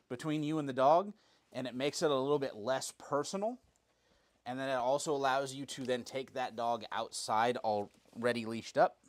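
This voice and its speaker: A man explains dog training live to viewers in a loose, chatty way. He thinks aloud, with plenty of fillers along the way. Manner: talks to dogs in a high, cooing voice. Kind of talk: live stream Q&A, casual talk.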